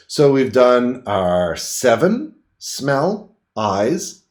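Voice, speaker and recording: A middle-aged man, a paramedic instructor, talking through a clinical exam in plain words and showing each step himself. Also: medium pitch. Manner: lively, plain-spoken teaching with quick demonstrations. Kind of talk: demonstrating a clinical exam on camera.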